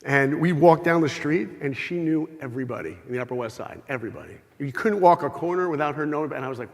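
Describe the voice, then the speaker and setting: A middle-aged man speaking to an audience in a large hall, his voice carried on a long, ringing reverb. He tells stories with humor and animation, slipping into little acted-out exchanges. His voice sits a bit on the higher side for a man. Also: fast talker, few pauses. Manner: animated, humorous, acts out dialogue. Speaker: speaker giving an inspirational talk. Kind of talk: lively storytelling talk to a live audience.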